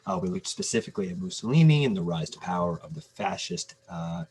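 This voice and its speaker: A man teaching a remote history lesson in a casual, halting way, with fillers and restarts. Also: deep voice, big pitch swings, vocal fry, darkish tone, slight background noise.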